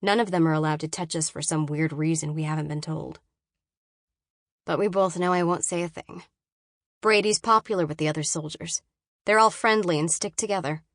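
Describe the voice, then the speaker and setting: Low-voiced woman narrating a novel. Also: normal speed, dry recording, studio quality. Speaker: audiobook narrator. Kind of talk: first-person novel narration.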